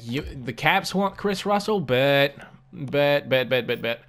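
Young male gamer, loose and animated, curses freely, mid-range voice. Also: medium pitch, a little slow, smooth. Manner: animated, swears often, repeats himself. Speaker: gaming YouTuber. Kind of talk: casual game commentary.

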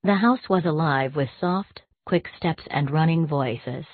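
A woman giving a measured, expressive audiobook reading of a classic short story. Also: sits low, breathy edge, no echo. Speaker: audiobook narrator. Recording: tinny, dry, phone-like sound.

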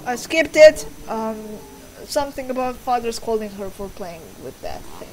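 A woman's voice: on the high side, animated, normal speed, darkish tone, slight background noise, poor audio. A woman giving casual let's-play commentary on a horror game, reading its text aloud, laughing often and swearing over game music.

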